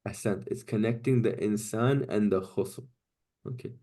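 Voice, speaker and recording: A man's voice: fairly low pitch, moderate pace, mellow, a little hiss or hum. A man teaching an online class, explaining step by step and often checking in with "right?" and "okay?". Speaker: Quranic Arabic teacher.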